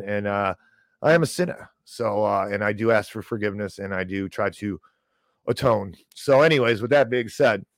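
A man's voice: lowish voice, dry recording. A man hosting a podcast, talking in a sarcastic, rambling way. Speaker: podcast host. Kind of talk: casual commentary.

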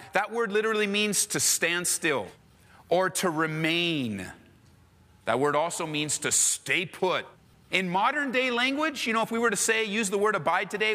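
A man pastor preaching an animated, emphatic sermon, repeating phrases and slipping casual slang into his teaching. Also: high-pitched, in a large hall. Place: church.

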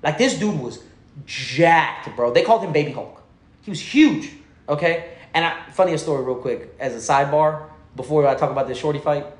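A man telling stories in casual, slang-heavy chat. He is animated, laughs through the funny parts and drops low and quiet when he quotes other people. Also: moderate pace. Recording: roomy echo.

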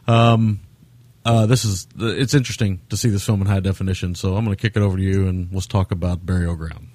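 Low-voiced man chatting about films. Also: fairly even intonation, quick pace, a little mellow, dry recording. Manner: rambling, laughs often, many fillers. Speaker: podcast co-host. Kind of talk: casual film chat.

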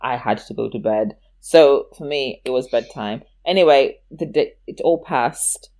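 Animated woman telling a story. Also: a bass voice, unhurried. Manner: animated, acts out voices, laughs often. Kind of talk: casual storytelling chat.

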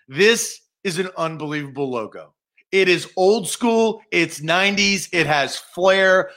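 A man co-hosting a sports talk show, speaking in casual chat with animated, opinionated bursts. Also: high voice.

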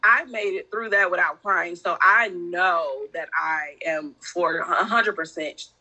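Very bright-voiced woman talking openly. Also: on the low side, measured pace, rough recording. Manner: open, heartfelt, animated storytelling. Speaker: podcast guest. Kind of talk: candid casual conversation.

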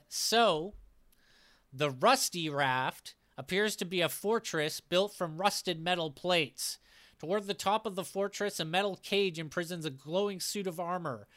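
A man's voice: fairly high pitch, sharp tone, clean tone. A man acting as game master, casually recapping a tabletop game session and reading out the players' lines, with fillers and restarts.

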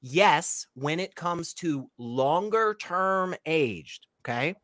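A man's voice: fairly high pitch, animated, takes it slowly, fairly bright tone, no echo. Incredulous male co-host, dry close mic. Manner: incredulous, exclaims and laughs. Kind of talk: casual discussion reacting to a video.

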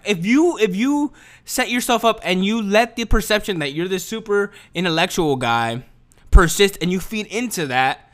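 A man's voice: sits high, fairly bright tone. A young man ranting casually on camera, profane and slangy, often restarting and repeating his words. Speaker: commentator. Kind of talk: casual opinion rant.

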